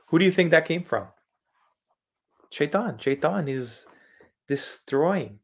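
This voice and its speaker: A man's voice: on the high side, expressive, slow, gravelly, slightly rough. A man from Eastern Europe hosting a livestreamed religious monologue. He lectures insistently and says words over and over while he explains them. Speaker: channel host.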